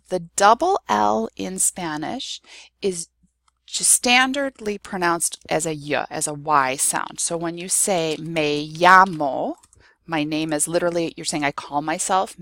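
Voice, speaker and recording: A woman with a Midwestern American accent talks through a recorded Spanish lesson, patient and reassuring, with plenty of ums and okays. Her voice sits low, with a gravelly edge. The sound is dry and close, with no room echo. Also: a bit bright. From United States. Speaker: Spanish teacher. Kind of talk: recorded screen-share lesson.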